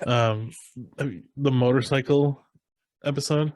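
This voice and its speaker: A man's voice: medium pitch, steady tone, unhurried, a little mellow. A young adult man co-hosting a podcast, easygoing and agreeable, chiming in often. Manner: easygoing, agreeing, short backchannels. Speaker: podcast co-host. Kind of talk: casual chat.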